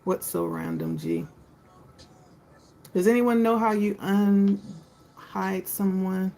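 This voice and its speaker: Slow, gravelly woman chatting on a livestream. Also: medium pitch, animated, mellow, a little hiss or hum, poor audio. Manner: chatty, talks to viewers by name. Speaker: tarot reader hosting a live stream. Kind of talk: casual live-stream chat with viewers.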